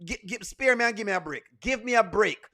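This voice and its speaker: A man's voice: high-pitched, expressive, fast talker, pushed and bright. A man hosting a reaction video, scolding emphatically and repeating his points. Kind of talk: reaction commentary.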